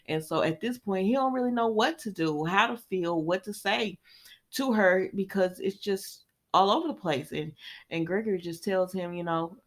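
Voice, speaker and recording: A woman's voice: mid-range voice, normal speed. A woman, casually recapping a soap opera episode, chatty, laughing often and slipping into voices for the characters.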